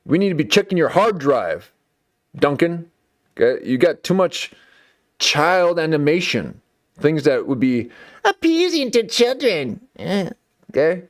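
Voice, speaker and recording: A man's voice: on the high side, sing-song, unhurried. A man hosting a late-night commentary stream, talking in a sarcastic, rambling way and often tacking on "okay" and "folks". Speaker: live stream host.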